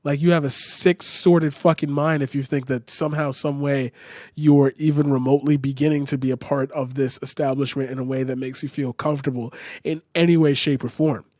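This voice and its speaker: A man's voice: mid-range voice, fairly even intonation, fairly quick, dark tone, no room sound, studio quality. A man live streaming a reaction to a video, ranting angrily and swearing often, repeating himself as he vents. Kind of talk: angry reaction commentary.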